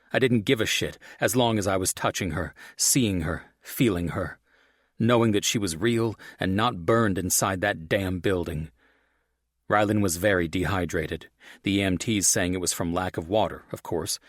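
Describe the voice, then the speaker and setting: Brief: low-voiced male audiobook narrator, gritty and intense, dry mic. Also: no room sound. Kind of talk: scripted first-person romance narration.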